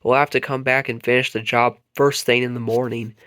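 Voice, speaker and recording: A man voicing a brisk, practical woman builder with a motherly tone, in a storybook reading. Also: mid-range voice, level tone, fairly bright tone, natural voice.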